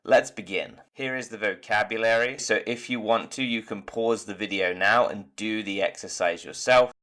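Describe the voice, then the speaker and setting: A man's voice: lowish voice, steady tone, moderate pace, pushed and bright. A man teaching English vocabulary in an online lesson, upbeat and encouraging as he walks through the quiz answers. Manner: upbeat, encouraging, explains patiently. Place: lives in Turkey.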